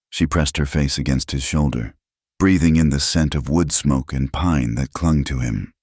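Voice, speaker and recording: A man narrating a scripted story in a slow, measured, hushed way. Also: rumbling low, no echo, studio quality.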